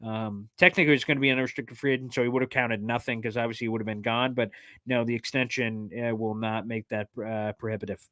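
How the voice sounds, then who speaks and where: A man with a medium-pitched voice hosts a casual sports livestream, reading and answering fan questions in a live chat. He's excitable and jokey, talking fast with many fillers. The sound is clean studio audio with no room sound.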